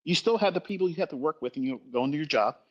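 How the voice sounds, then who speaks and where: A man's voice: a little high, lively intonation, racing, highs cut off. A middle-aged man speaking in an impassioned livestream rant about trading, blunt and emphatic, swearing constantly and repeating himself for force.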